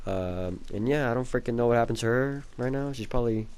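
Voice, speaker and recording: A young man telling a childhood story in a rambling, casual way, swearing a lot and filling pauses with um and like. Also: medium pitch, darkish tone, smooth. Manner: rambling, profane, full of fillers and laughs.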